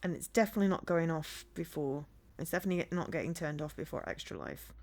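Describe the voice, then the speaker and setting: A woman's voice: deep voice, lively intonation, quick pace, a little mellow. A woman streaming from home, chatting casually with her viewers, rambling, laughing often and humming bits of songs.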